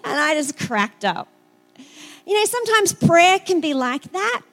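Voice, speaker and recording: A high-pitched middle-aged woman with an Australian accent delivers a sermon. She talks the way she would chat to friends, telling stories and sometimes repeating words as she thinks. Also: big pitch swings, a little slow, a bit bright, soft background music. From South Australia. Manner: conversational, storytelling, repeats words. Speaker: preacher.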